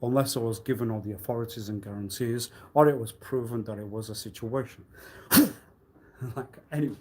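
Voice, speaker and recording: A man on a live stream delivering a rambling, accusatory monologue, swinging between loud outbursts and low muttering. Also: fairly quick, slight background noise. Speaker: livestreamer.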